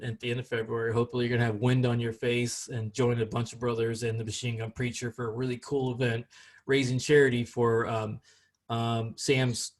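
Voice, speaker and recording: Rambling upbeat podcast host man. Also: medium pitch. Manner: rambling, upbeat, gropes for words. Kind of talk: casual chat.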